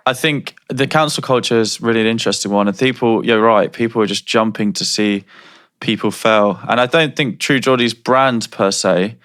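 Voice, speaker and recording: A man's voice: lowish voice, moderate pace, a bit bright, smooth. A man co-hosting a podcast, chatting thoughtfully and asking questions. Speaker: podcast co-host. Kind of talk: casual podcast chat.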